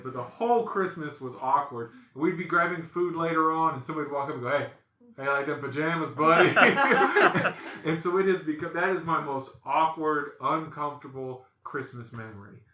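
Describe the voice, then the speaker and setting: A man hosting a podcast, telling stories in a casual, animated way and acting out the voices in them. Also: on the high side, normal speed, reverberant. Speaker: podcast host. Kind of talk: casual storytelling chat.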